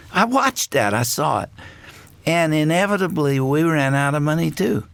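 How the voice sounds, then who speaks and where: Man, radio host, storytelling, reflective, unhurried, gravelly, mid pitch, dry close mic. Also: expressive, no echo. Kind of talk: storytelling in a studio conversation.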